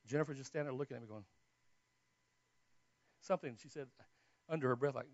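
A man preaching a sermon as he tells his own story, dropping to hushed tones and then rising to loud exclamations. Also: medium pitch, animated, very fast, pauses often, dry recording. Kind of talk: sermon testimony. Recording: dull, dry lo-fi recording.

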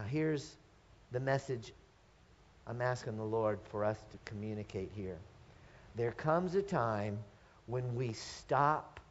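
A middle-aged male pastor preaches in a slightly raised voice, earnest and searching. He keeps turning to his listeners with questions and starts his phrases over. The recording has a dull, lo-fi sound. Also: fairly high pitch. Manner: earnest, asks the congregation rhetorical questions, restarts phrases. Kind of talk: sermon.

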